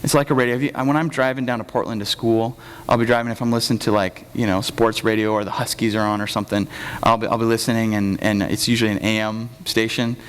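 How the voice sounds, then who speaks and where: A young man giving a sermon as pastor, talking casually and joking, acting out quotes in lively voices. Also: fairly low pitch, fast talker, smooth. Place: church hall. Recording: long hall reverb.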